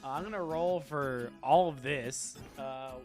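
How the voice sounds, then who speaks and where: A man hosting and narrating a comedic tabletop game as game master, telling the story in a deadpan, drawn-out way. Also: medium pitch, soft background music.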